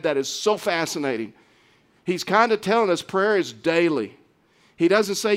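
A middle-aged man preaches a sermon in a fairly high voice. He talks earnestly and conversationally, often stumbling and restarting his sentences as he goes. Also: moderate pace, a bit bright, clean tone. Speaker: pastor.

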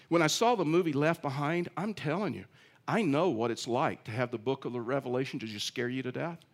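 A man's voice: mid-range voice, a little fast. A male pastor preaching a sermon in a conversational, storytelling way with self-deprecating humor. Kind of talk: sermon with personal stories.

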